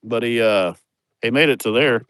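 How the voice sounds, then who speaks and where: A man's voice: medium pitch, normal speed, a bit bright, clear, resonant tone, dry recording. A man, giving a crude, joking, rambling livestream tour of his farm, outdoors on a phone camera. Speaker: vlogger showing his farm. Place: outdoors on rural farmland.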